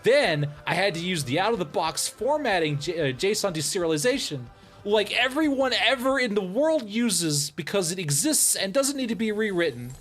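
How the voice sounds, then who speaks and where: A fairly high-voiced man rants on a livestream, his pitch swinging widely between incredulous highs and grumbling lows. He swears freely and laughs through his frustration, with faint music playing underneath. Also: sing-song, moderate pace, a bit bright. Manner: exasperated, profane ranting with bursts of laughter. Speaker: VTuber streamer. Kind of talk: casual livestream rant.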